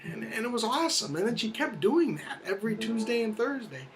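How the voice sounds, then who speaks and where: A middle-aged man telling a comic personal story in an animated, self-deprecating way, with guitar music behind him. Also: high voice, brisk. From United States. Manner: animated, self-deprecating, acts out the voices of others.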